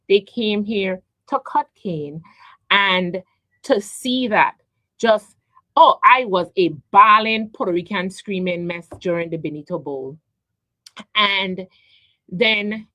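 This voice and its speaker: A middle-aged woman talks on her radio show, searching for words, stumbling and restarting with plenty of ums. Her voice sits a little low for a woman and sounds close and dry at the studio mic. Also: fairly bright tone, dry recording, low-quality recording. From U.S. Virgin Islands (St. Croix). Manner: halting, repeats words, many ums, heartfelt. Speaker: radio talk show host. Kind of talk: emotional personal monologue. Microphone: studio microphone.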